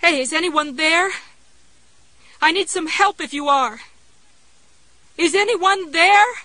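A woman's voice: fairly low pitch, normal speed, sharp tone, no room sound, poor audio. A woman voicing a frightened, trapped woman who scolds herself and then screams for help, in a dry close recording. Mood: calling out.

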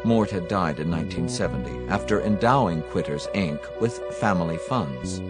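A man's voice: sits low, expressive, normal speed, over loud music. A man narrating an audiobook in a dramatic, tense manner.

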